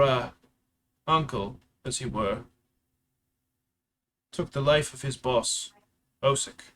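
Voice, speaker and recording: A man's voice: medium pitch, fairly bright tone. A man voicing a stern spymaster commander. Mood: grave. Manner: curt, clipped orders.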